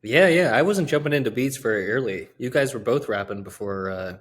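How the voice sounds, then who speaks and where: A man co-hosts a casual podcast with friends, speaking in a polite, easygoing way. He apologizes when he cuts in. His voice sits at an ordinary pitch. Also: expressive, fairly quick, a bit bright. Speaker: podcast co-host. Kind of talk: casual chat among friends.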